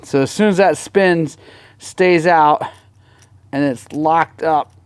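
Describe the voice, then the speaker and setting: A man talking casually to the camera in his garage workshop, excitable and quick to swing between frustration and joy while working on a bike. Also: fairly high pitch, clear, resonant tone. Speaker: motorcycle vlogger.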